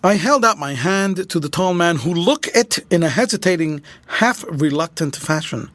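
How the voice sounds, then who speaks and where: A man narrating a classic novel as an audiobook, in an expressive, dramatic storytelling manner. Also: on the high side, moderate pace, dry recording.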